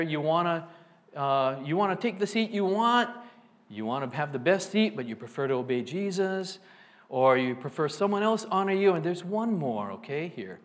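A man, a middle-aged pastor, preaching a sermon in a conversational way, with frequent restarts and asides. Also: on the high side.

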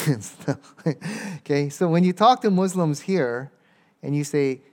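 A man teaching a church audience in a casual lecture, often checking in with "okay?" and reading passages slowly aloud. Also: a little high, animated. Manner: conversational, keeps checking in with "okay?" and reads verses aloud slowly. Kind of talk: informal lecture with audience questions.

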